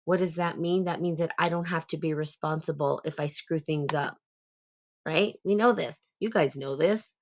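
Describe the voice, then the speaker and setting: A woman hosting a casual live talk, blunt and animated, swearing freely as she calls people out. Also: sits low, normal speed, slight background noise. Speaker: host.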